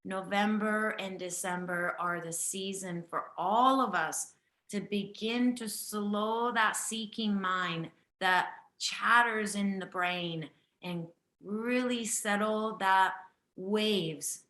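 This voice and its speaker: A woman hosts a live breathwork session with a bright, clear tone and an unhurried pace. She speaks gently and earnestly and often repeats key phrases. Her voice carries the echo of a roomy space. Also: mid-range voice. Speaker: breathwork teacher and host. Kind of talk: live online session talk.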